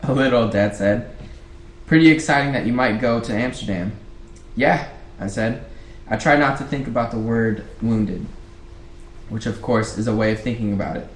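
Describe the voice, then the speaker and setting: A man's voice: medium pitch, normal speed. Male reader, casual read-aloud, rereads lines, roomy echo, faint hiss. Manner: rereads lines, breaks off to chat. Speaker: book club reader. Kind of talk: casual reading aloud of a novel.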